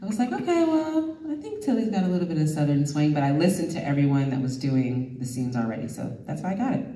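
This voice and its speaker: A woman from Detroit telling an expressive story as a voice actress on a panel. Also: low-pitched, quick pace. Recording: echoey hall, distant mic.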